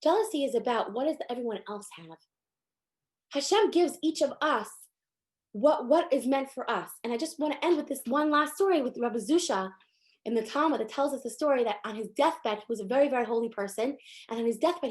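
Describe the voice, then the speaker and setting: Casting: high-pitched woman, casual Torah class, animated, acts out the people in her stories. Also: a little fast. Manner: animated, rises in pitch and force when stressing a point. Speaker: Torah teacher.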